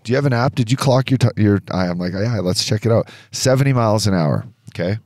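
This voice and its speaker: Male co-host, lower register, dry booth sound, lively profane storyteller. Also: fast, no echo. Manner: animated, profane storytelling with acted-out quotes. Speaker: podcast co-host. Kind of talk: casual storytelling chat. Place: indoor studio.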